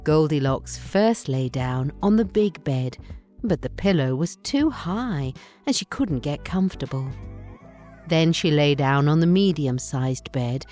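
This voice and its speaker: A woman narrating a bedtime story in a slow, gentle, expressive reading. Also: deep voice, faint music behind.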